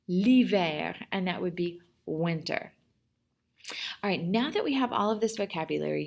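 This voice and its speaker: Woman French teacher, slightly gravelly, chatty recorded class lesson with repeat-after-me drills. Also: on the low side. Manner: chatty, repeats words for students to echo.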